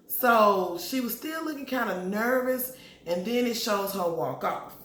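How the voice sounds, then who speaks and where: Animated woman recapping a TV episode. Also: mid-range voice, a little slow. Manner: animated storytelling, acts out characters' lines with slang. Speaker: TV show recap vlogger. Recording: echoey room, faint background noise.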